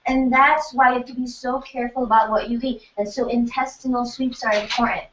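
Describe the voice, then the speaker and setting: A woman health practitioner leading a lively workshop lecture, firing questions at her audience in an animated way. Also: on the high side, a little fast. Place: event room in New York City. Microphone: distant room mic. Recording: echoey room, distant mic, muffled, faint noise.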